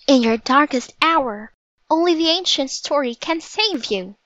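A woman's voice: sits high, measured pace, no echo, lo-fi sound, pitched above the performer's own voice. A woman doing a bold, eager little girl crying out. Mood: urgent. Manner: urgent, excited cries.

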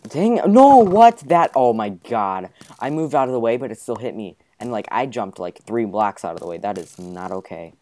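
A young man hosting a gaming video, chatting casually and excitably over gameplay with frequent exclamations. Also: on the low side, brisk, hardly any pauses. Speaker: gaming channel host.

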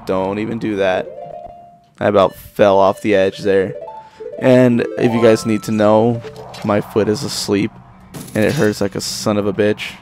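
Profane, excitable young gamer man. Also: lowish voice. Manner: profane, excitable running commentary with sudden exclamations. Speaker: let's play gamer. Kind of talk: casual gameplay commentary. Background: game music.

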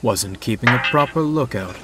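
A man voicing a deep, hoarse male engine who is formal, courteous and aloof, speaking slowly. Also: expressive, loud music behind the voice, natural voice, poor audio. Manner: courtly, polite, slow formal speech.

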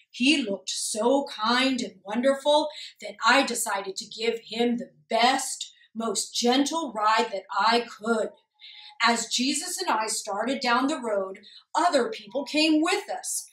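A friendly, proud male donkey tells his story slowly and gently, breaking into loud braying hee-haws, as a woman puts him on for a puppet show. The voice sits a little high. It comes from well away from the microphone in an echoey room. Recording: echoey room, mic far off.

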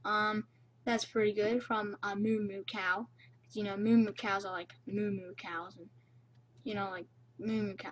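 A young woman casually commenting on her own gameplay, rambling and playful, recorded on a cheap low-quality mic. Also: level tone, measured pace. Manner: rambling, playful, self-chatting. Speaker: gamer.

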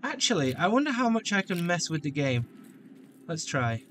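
A man giving let's play commentary on a shooter, jokey and taunting enemies with sudden shouts. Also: a little high, very animated, moderate pace, slight background noise. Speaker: gameplay commentator.

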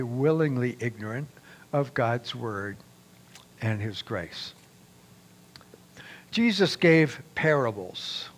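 A man preaching a sermon as pastor, reading scripture aloud with raised emphasis in a deliberate, measured way. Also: mid-range voice.

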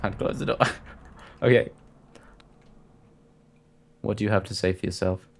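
A man's voice: on the low side, fairly even intonation, measured pace, vocal fry, faint music behind. A young man role-playing in a game, speaking in a grave, theatrical manner. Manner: grave, theatrical delivery in character. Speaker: co-host player. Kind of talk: mock-solemn role-play during a game.

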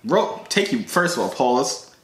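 A man's voice: medium pitch, sing-song, measured pace, reverberant. A young man hosting a casual video chat vlog, joking and boastful, sometimes whispering to himself. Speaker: YouTuber host.

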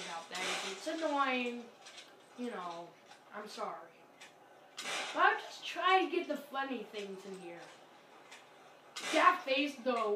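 High-pitched woman yelling at a zombie game, unhurried, roomy far-off mic with noisy game sound. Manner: excitable, exclaims and apologizes often. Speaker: gameplay commentator. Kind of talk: casual game commentary.

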